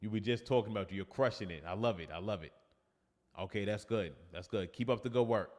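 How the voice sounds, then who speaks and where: A man's voice: lowish voice, fast, a little mellow, in a large hall. A man with a New York accent, a fitness coach chatting casually on a livestream and reading viewer comments aloud.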